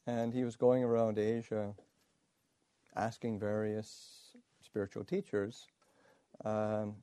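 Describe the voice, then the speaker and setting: A man, a Buddhist monk, telling a story in a dharma talk, halting with many pauses and fillers and chuckling along the way. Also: on the low side, little pitch movement, warm tone, smooth, dry recording.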